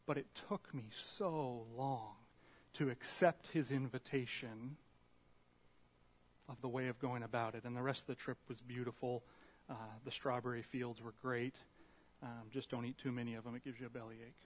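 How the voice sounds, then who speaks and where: A man preaching a sermon in a church room, telling a story in an animated, self-deprecating way. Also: mid-range voice, moderate pace. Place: church meeting room with a slide screen.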